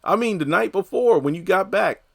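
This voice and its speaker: A man's voice: high voice, expressive, normal speed, creaky, a bit bright, slightly rough. Rambling man in casual commentary. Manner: conversational, rambling, heavy on fillers. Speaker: TV recap commentator.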